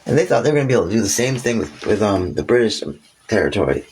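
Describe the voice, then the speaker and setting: A man's voice: racing, a little hiss or hum, rough recording. A man casually retelling history with crude jokes, laughing between points and jumping into quoted voices. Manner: animated, acts out quoted voices with sudden high pitch jumps.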